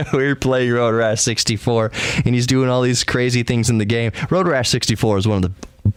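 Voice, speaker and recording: A man's voice: medium pitch, fairly even intonation, normal speed, clean tone, no room sound. A man in his thirties hosting a podcast, telling a comic story casually and laughing at himself. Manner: self-deprecating, laughs at his own stories. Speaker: podcast host.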